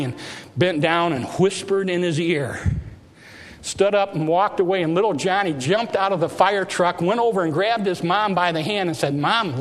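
High-voiced preacher in a reverberant hall. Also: male voice. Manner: emphatic preaching with rising exhortations. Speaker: pastor. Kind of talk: sermon. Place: church sanctuary.

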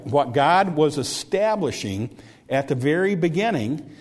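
A man's voice: on the high side, a little mellow. A man preaching a sermon in a conversational way, often repeating words and restarting his sentences.

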